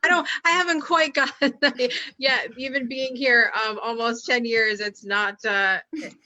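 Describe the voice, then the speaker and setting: A woman's voice: fairly high pitch, steady tone, unhurried, pushed and bright. A woman with a New England accent co-hosting a casual chat, self-deprecating and laughing in the middle of her sentences. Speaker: guest co-host.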